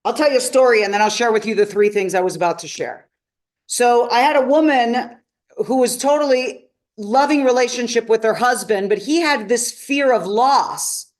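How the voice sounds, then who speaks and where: A woman's voice: fairly high pitch, normal speed. A woman coach teaching a live seminar, emphatic and often asking her audience questions. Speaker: transformational coach.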